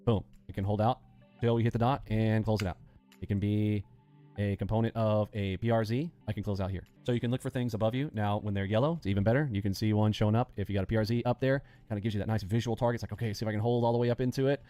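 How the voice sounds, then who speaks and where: A fast-talking man leads a live trading lesson in a low, dark-toned voice. He gets animated and throws in sound effects as he explains. Faint music plays underneath. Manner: animated, acts out panicking traders with sound effects. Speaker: day trading instructor and host.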